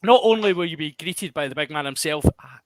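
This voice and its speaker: A man's voice: a little high, animated, brisk, slight background noise. A Glaswegian man hosting a podcast in casual chat, jokey and self-mocking. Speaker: podcast host.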